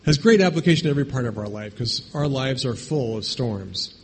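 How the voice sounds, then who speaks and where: A man's voice: mid-range voice, expressive, brisk, slight background noise. A man preaching a sermon in a conversational way, often checking in with "right?" and restarting his phrases. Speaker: pastor. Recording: long hall reverb.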